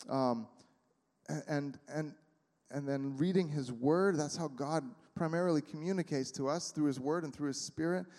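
A man's voice: a little high, darkish tone. Casual male preacher in a reverberant hall. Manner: conversational, with many fillers and acted-out quotes. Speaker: pastor. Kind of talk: sermon. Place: church sanctuary.

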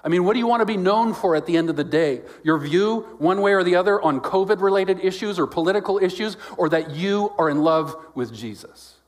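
A man preaching a sermon as pastor, swinging between loud exclamations and quiet, lowered lines, and acting out quoted voices with jokes. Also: fairly quick, hardly any pauses.

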